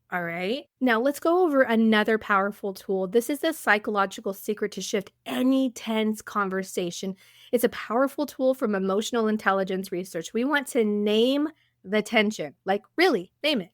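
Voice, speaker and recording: A woman's voice: mid-range voice, no room sound, clean studio sound. A woman hosting a podcast, coaching listeners in an encouraging way and often checking in with them. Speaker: podcast host.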